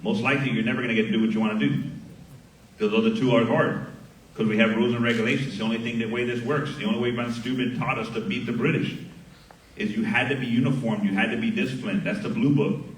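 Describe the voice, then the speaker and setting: A middle-aged sergeant major from Miami giving a graduation speech at a ceremony, speaking into a podium microphone and telling a story with lively acted dialogue. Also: male voice, mid-range voice, fast talker. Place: large hall at a graduation ceremony. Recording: echoey hall heard from far off.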